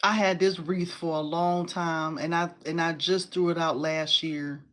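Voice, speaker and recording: Woman in her 40s chatting away on a craft live, animated, says y'all a lot, laughs easy. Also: deep voice, unhurried. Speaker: crafting livestream host. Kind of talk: casual livestream chat, showing crafts and reading comments.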